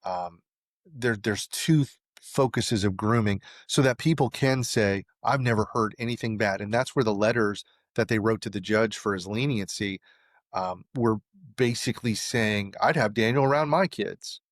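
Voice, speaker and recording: Animated man telling a story. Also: fairly low pitch, moderate pace, no room sound, studio quality. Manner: animated, acts out quoted dialogue. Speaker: interview guest. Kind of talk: casual storytelling.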